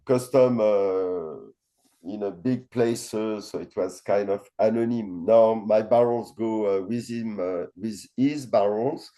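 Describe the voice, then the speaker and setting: French-accented winemaker, dark mellow voice. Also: male voice, fairly low pitch, measured pace. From France. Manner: frequent uh fillers, blunt and swearing. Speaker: winemaker guest. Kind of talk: casual interview chat.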